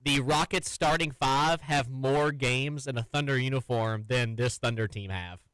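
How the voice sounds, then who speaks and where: A man working as a sports radio producer, chiming in with understated, deadpan remarks in the studio. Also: medium pitch, a little slow, clear, resonant tone, no room sound. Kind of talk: casual sports radio banter.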